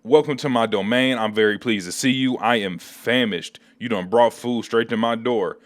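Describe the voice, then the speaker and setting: A hungry, mocking female villain, as a man reading a comic puts her on. She speaks in a smug, drawn-out way, close to the mic and dry. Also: mid-range voice, no room sound, close to an everyday voice. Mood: gloating.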